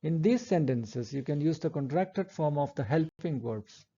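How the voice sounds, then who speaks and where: A man giving a recorded English lecture, explaining step by step in a measured way and reading example sentences aloud. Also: fairly high pitch, lively intonation, warm tone, breathy edge, highs cut off.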